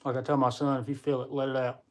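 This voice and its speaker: A man's voice: medium pitch, flat delivery, fast talker, darkish tone. Guy rambling on his livestream, chatting w viewers and laughing a lot. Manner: talks to viewers while reading comments. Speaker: livestream host. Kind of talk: casual live-stream chat.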